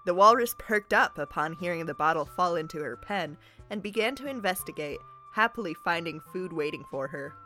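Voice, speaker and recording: A woman's voice: lowish voice, animated, brisk, sharp tone, soft background music. Giggly woman reading a story aloud. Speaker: podcast co-host.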